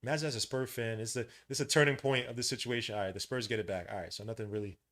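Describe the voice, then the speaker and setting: A man, hosting a podcast and giving live, slangy commentary while watching a basketball game, getting loud at big plays. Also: medium pitch, steady tone, very fast. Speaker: podcast host.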